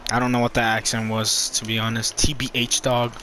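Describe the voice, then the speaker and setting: A man commenting on his own gameplay, swearing a lot and swinging between loud outbursts and low muttering. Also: monotone, a little fast, slight background noise. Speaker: gamer.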